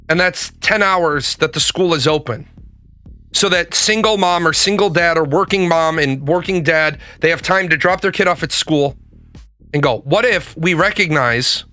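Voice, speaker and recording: Man, profane rant, emphatic, high voice, bright tone. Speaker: commentator.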